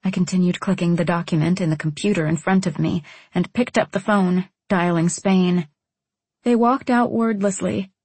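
A woman's voice: fairly low pitch, a little mellow, breathy edge, no room sound. A woman narrating a first-person novel in a wry, introspective manner. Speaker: audiobook narrator.

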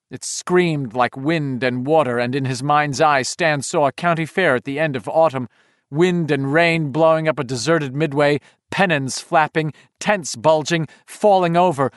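A male narrator reads a horror story in a tense, measured voice and builds suspense with each line. His voice sits a little above the usual pitch for a man. The recording is dry and close, with no room sound. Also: dry recording. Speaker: audiobook narrator. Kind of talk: dramatic horror audiobook narration.

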